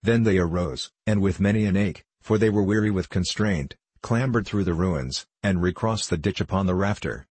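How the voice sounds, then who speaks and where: Man, audiobook narrator, very low voice, husky, dry close sound. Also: darkish tone, no echo. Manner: measured storytelling. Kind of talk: scripted narration.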